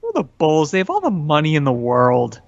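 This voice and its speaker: A chatty man riffing on sports with a co-host, laughing easily. His voice sits a bit high, and the recording is dull, lo-fi and dry. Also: huge pitch swings, moderate pace, gravelly, dry recording. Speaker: podcast co-host. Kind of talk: casual sports talk chat.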